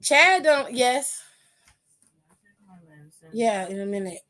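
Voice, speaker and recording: Sassy high-voiced woman podcast host. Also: slow. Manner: animated, blunt and profane, sassy asides. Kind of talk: casual wrestling recap.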